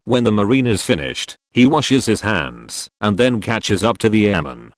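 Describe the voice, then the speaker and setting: A man tells military jokes in a scripted, measured way. His voice sits low and moves lively up and down between setup and punchline. The sound is dry and close, with no room around it. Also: no echo. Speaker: joke narrator. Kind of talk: scripted joke reading.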